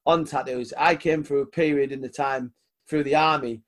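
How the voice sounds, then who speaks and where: A man hosting a casual podcast, his voice sitting a little high for a man. He talks in an easygoing way, full of ums and casual swearing, and laughs along with his guest. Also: steady tone, normal speed. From United Kingdom. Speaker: podcast host.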